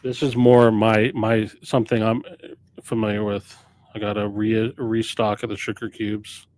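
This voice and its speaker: Record store dude rambling on his stream, kinda low voice, keeps correcting himself. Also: little pitch movement, a little slow, darkish tone. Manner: rambling, off-the-cuff, self-correcting. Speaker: record store owner streaming new arrivals. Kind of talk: casual live-stream chat.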